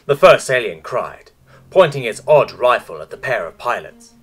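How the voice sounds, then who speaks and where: A man giving a steady, measured scripted audiobook narration of a science fiction story. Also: medium pitch, slightly rough, soft background music.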